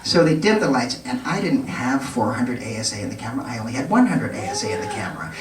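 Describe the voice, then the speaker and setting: A man telling a funny story live on a nightclub stage, animated, laughing and stumbling over his restarts. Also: medium pitch, fast talker, a little hiss or hum. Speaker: storyteller in a cabaret show. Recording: roomy live sound from a distant mic.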